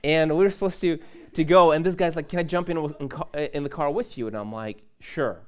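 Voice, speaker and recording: A man's voice: a little high, fairly quick, smooth. Casual, story-telling young male preacher. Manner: casual, animated storytelling with laughs and asides to the audience. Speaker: pastor. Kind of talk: conversational sermon with personal story. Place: church.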